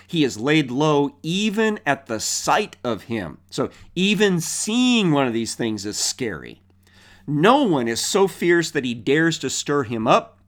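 A man with a slightly high voice works through a Bible passage one verse at a time. He reads the scripture aloud, then explains it conversationally, using rhetorical questions and plenty of filler words.

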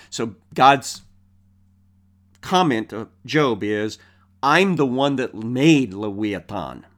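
Slow, animated male Bible teacher. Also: mid-range voice. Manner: reads scripture then explains it with rhetorical questions; conversational with frequent fillers.

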